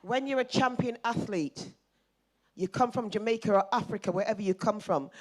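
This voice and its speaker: A middle-aged woman in the audience giving a forceful, emphatic public comment, repeating her points. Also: medium pitch, moderate pace. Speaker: audience member.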